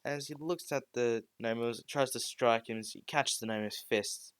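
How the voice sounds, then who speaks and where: A man's voice: medium pitch, normal speed, a bit bright, smooth, no room sound. A man narrating an improvised fan story in a rambling way, with frequent restarts and "well"s.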